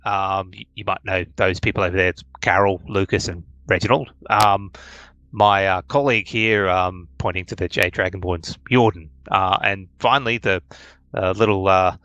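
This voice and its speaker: A man's voice: low voice, fairly even intonation, moderate pace, bright, forceful tone, dry recording, highs cut off. A man voicing an older male dragonborn who makes the introductions in a tabletop game, polite and hesitant. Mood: awkward.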